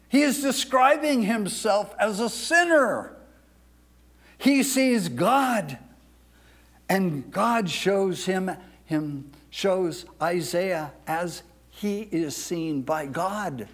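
A male pastor preaching a sermon in a dramatic way, swinging between loud declaiming and hushed near-whispers and stretching out words for emphasis. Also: high voice, expressive, extremely slow.

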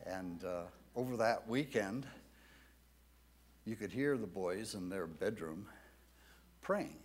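A man preaching a sermon to his church in a measured, deliberate way. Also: sits low. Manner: slow, measured preaching with lively rises and falls. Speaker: pastor.

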